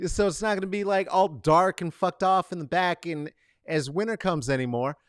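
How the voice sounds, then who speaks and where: In a dry recording, a male host talks through casual solo commentary from an apartment corner converted into a studio. He speaks at a normal speed, emphatic and foul-mouthed, alternating between shouting outbursts and low grumbling.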